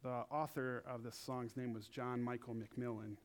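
A young man preaching in a casual, animated way, acting out quotes in funny high voices. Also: moderate pace. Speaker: pastor. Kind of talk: casual sermon.

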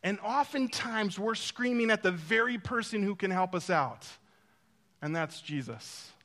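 Pastor, male, high bright voice, storytelling sermon delivery, dynamic between loud and hushed. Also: lively intonation, a little slow. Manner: speaks to the congregation directly, with asides.

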